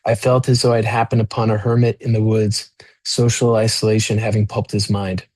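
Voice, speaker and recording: A man with a fairly low voice reads from his own novel in a steady, measured way. The sound is dry and close. When he stops reading to talk, he stumbles a little and leans on fillers. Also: dry recording. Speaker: author. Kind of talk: reading his own novel aloud, then casual remarks.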